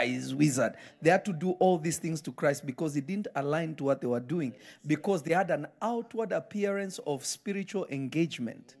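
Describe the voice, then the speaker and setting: High-pitched, animated male preacher. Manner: emphatic, repeats questions to the congregation. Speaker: pastor. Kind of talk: live sermon. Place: church, live service.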